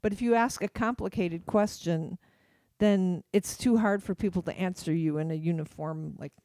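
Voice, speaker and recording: A radio host chats casually in a dry, close studio sound, rambling through fillers and restarts. The voice sits at a middling pitch, and the host drops into quick put-on voices to act out what people say. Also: warm tone, dry recording. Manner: acts out quoted voices. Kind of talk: casual chat.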